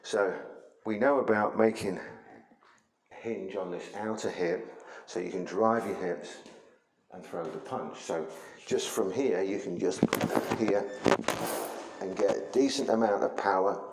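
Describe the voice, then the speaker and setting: A man's voice: low voice, a little slow, reverberant, heavy background noise. A man teaching a martial arts lesson, explaining things conversationally while he demonstrates moves.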